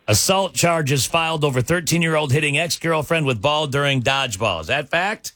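A bright, forceful male radio host running a morning game segment with quick, jokey banter. His voice sits a little high and sounds close and dry. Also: no echo.

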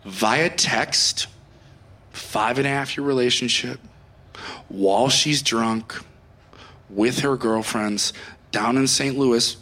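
A man's voice: mid-range voice, takes it slowly, long pauses. A male comedian doing a stand-up act, ranting in a sarcastic and profane way. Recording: echoey room with loud ambience.

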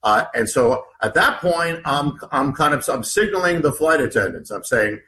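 A man's voice: fairly high pitch, animated, normal speed, bright, forceful tone, slight background noise, poor audio. A male author being interviewed, recounting an ordeal in vivid detail, often restarting and repeating his words. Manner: vivid, acts out what others said. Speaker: author guest. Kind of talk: animated interview storytelling.

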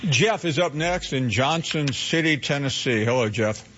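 A man hosting a radio call-in show, answering callers in a measured way with frequent pauses. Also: medium pitch, expressive, fairly bright tone, lo-fi sound, a little hiss or hum. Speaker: radio talk host.

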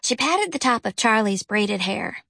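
A woman narrating a children's novel as an audiobook, with a gentle storytelling manner. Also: animated, measured pace, creaky, no echo. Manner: gentle storytelling, lifts pitch for characters' lines. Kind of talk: scripted narration.

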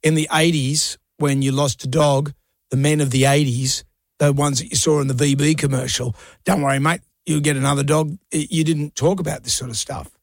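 A man's voice: fairly high pitch, fairly even intonation, moderate pace, no room sound, studio quality. A man co-hosting a radio show, supportive and jokey, telling anecdotes. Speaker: radio co-host. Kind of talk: casual on-air chat.

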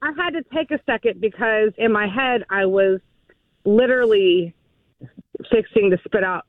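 A woman's voice: medium pitch, no echo. Woman caller on a tinny phone line. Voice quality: halting, with fillers. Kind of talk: casual phone call.

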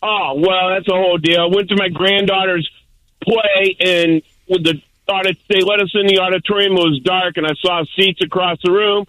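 Rambling older caller, high bright voice. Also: male voice, fairly even intonation, moderate pace, no echo, low-quality recording. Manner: rambling, boisterous storyteller. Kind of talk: call-in radio chat.

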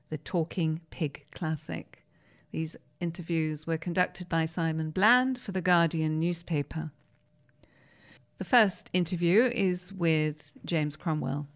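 A woman host reads a newspaper interview aloud in a measured, storytelling manner. Her voice is somewhat low. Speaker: host reading articles. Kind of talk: reading a magazine article aloud.

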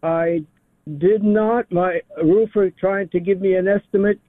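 A man's voice: high-pitched, fairly even intonation, measured pace, no echo. Elderly male caller on tinny phone line. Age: 70s. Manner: hesitant, many fillers. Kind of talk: phoned-in call to radio show.

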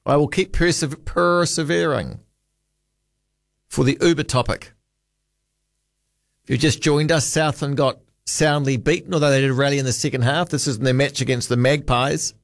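A man's voice: medium pitch, fairly even intonation, normal speed, creaky, long pauses, no room sound, studio quality. A man with a New Zealand accent hosting late-night talkback radio, rambling casually and reading listener texts aloud. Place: radio studio. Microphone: studio microphone.

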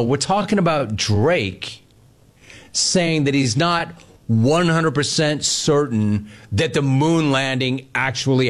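A man hosting sports talk radio, riffing sarcastically and telling stories to his listeners. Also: medium pitch.

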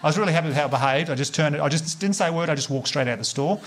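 A man doing stand-up comedy, telling sweary, animated stories and slipping into voices for the people in them. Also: a little high, rapid-fire. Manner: animated, sweary storytelling with put-on quoted voices.

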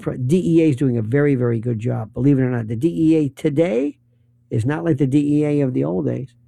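A man's voice: fairly high pitch, gravelly, dark tone, dry recording, clean studio sound. A man giving a rambling, sardonic political commentary monologue, rattling off lists of issues.

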